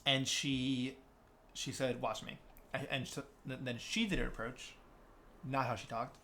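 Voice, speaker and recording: A man's voice: medium pitch, steady tone, moderate pace, long pauses, pushed and bright, slight background noise. A young man, a podcast guest, telling a long story in casual chat, with many restarts, and acting out what other people said. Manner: rambling, many restarts, acts out quoted people.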